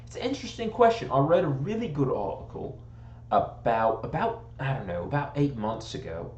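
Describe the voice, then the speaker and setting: A man's voice: medium pitch, very animated, fairly quick, darkish tone, muffled recording. An American man in casual, rambling chat, mocking himself and joking about slipping into a posh British accent. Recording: echoey room.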